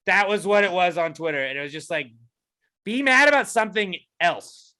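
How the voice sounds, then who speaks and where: A podcast co-host man talking in casual banter that keeps tipping into heated, profane rants. His voice sits fairly high and comes out bright and forceful. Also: lively intonation, moderate pace. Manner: profane, ranting, gets heated.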